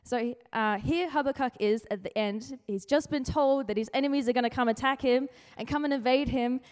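A woman's voice: high-pitched, a little fast, a little mellow. Chatty young woman preaching in an echoey hall. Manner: chatty, playful, acts out quotes in comic voices. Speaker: youth speaker sharing a devotion. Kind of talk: casual youth sermon. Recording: hall with long reverb.

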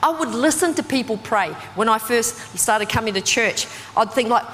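Woman preacher, casual and animated, higher voice, faint room hum behind. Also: moderate pace. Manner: conversational, animated, lots of "like" fillers. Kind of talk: sermon. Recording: distant voice with long hall reverb.

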